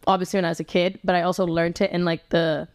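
A woman's voice: lowish voice, little pitch movement, fast, clear, resonant tone, dry recording, studio quality. A young woman chatting casually as a podcast guest, full of "like" fillers and restarts, swearing freely.

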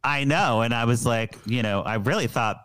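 A man's voice: medium pitch, normal speed, a bit bright, clean tone, no echo. A man in casual podcast chat, rambling with many fillers while recapping a movie plot. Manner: rambling, filler-heavy, laughing.

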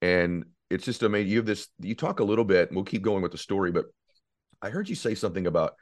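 Deep-voiced podcast host man. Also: fast, dry recording, studio quality. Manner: responsive, frequent affirming murmurs, emotionally moved. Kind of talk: interview conversation.

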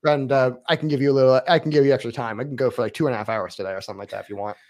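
A man's voice: medium pitch, fairly even intonation, rapid-fire, a little mellow. A man in his late twenties, a guest from the Southern US, talking in a rambling way with many fillers and restarts. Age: 20s. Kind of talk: casual conversation.

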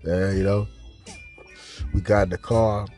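A man's voice: on the low side, steady tone, measured pace, mellow, soft background music. A man hosting a podcast, telling a loose, rambling story full of slang fillers and asides to listeners. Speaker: podcast host. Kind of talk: casual profane storytelling.

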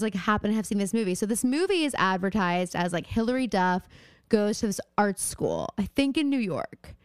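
A woman's voice: a little high, clear, resonant tone, dry recording, clean studio sound. A young woman co-hosting a podcast in casual chat, rambling with lots of fillers and giggles. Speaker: podcast co-host.

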